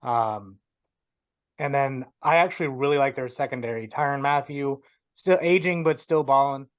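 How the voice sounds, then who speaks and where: A man's voice: medium pitch, moderate pace, clear, resonant tone, no echo. A young man co-hosting a sports podcast, laying out his points confidently and in order. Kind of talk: casual sports talk.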